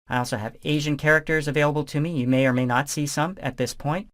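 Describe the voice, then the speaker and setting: Man narrating a software screencast tutorial. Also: fairly high pitch, quick pace. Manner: relaxed, conversational step-by-step explaining. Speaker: software instructor.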